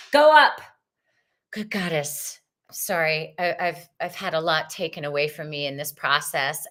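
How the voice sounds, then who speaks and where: A bubbly woman with a Southern US accent hosting a casual spiritual talk. She is effusive and laughs easily. Her pitch jumps high and drops low. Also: a bit bright. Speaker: host.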